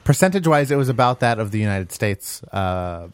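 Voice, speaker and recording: A man's voice: on the low side, animated, a little fast, smooth, no echo. A man co-hosting a podcast, chatting casually and cracking jokes. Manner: wisecracking. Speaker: podcast co-host. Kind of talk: casual chat.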